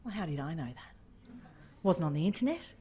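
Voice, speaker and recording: A woman giving a keynote talk, telling a story with lively, animated delivery and acting out phone calls. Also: low voice, brisk, noisy background. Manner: animated, acts out phone calls in different voices. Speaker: keynote speaker. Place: function room.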